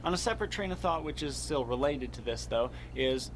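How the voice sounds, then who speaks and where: A man's voice: medium pitch, animated, a little fast. A man from the Midwest talking in a casual, rambling vlog monologue, earnest and often laughing at himself. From American Midwest. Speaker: vlogger. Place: moving around a home, partly from the kitchen. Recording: background noise with vehicle ambience.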